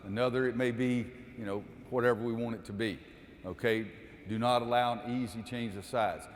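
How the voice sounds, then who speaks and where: A man's voice: medium pitch, fairly even intonation, fairly quick, a little hiss or hum. A man running a basketball coaching clinic, calling out cues during drills and explaining the defense to the audience. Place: gym. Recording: echoey gym with long reverb.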